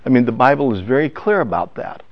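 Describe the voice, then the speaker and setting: An older man telling a family story in a personal testimony talk, halting and emotional, with many restarts. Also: mid-range voice, lively intonation, dry recording. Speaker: speaker. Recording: dull lo-fi sound.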